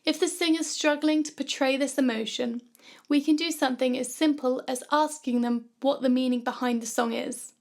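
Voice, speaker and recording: A woman narrating a scripted music production tutorial in a calm, clear, instructive way. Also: high-pitched, normal speed.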